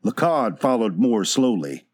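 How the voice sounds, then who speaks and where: A man narrating an audiobook in a steady, measured way. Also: on the low side.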